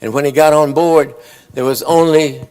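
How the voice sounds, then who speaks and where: A man's voice: on the high side, steady tone, moderate pace, a little mellow, clean tone. A man telling long, folksy joke stories at a conference awards ceremony, briefly acting out his characters' lines. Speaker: after-dinner joke teller.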